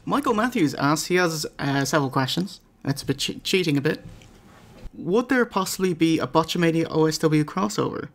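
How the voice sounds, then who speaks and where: A man's voice: on the high side, lively intonation, fairly quick. An Irish man hosting a podcast, reading out listener questions and bantering casually with a guest. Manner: casual, joking, swears. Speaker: podcast host.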